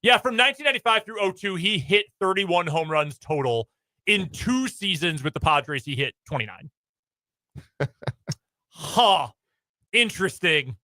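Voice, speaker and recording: Male radio co-host, high bright voice, reels off numbers, dry close studio mic. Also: sing-song, a little slow, pauses often, dry recording. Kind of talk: casual sports radio chat.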